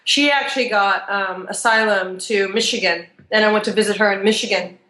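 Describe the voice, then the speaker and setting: A woman from Texas, a podcast interview guest, talking in a chatty, animated way with frequent ums. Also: mid-range voice, fairly quick, reverberant. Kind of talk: casual conversational interview.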